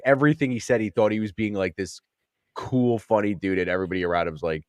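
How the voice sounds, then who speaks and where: Low-voiced man telling a crude story. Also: fast talker, no echo, studio quality. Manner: storytelling, swearing, acts out quotes. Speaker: podcast co-host. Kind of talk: casual profane chat.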